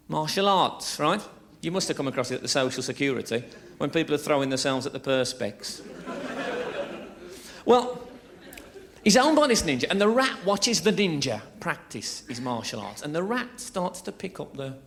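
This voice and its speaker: A man's voice: fairly high pitch, gravelly, a bit bright. A man from England doing a chatty, crude live stand-up routine on a theatre stage, teasing the audience and laughing at his own jokes. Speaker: stand-up comedian.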